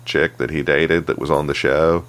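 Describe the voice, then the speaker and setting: A man's voice: a bass voice, moderate pace. A man co-hosting a podcast, chatting casually and telling stories with plenty of swearing. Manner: profane, animated storytelling. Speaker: podcast co-host. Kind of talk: casual chat.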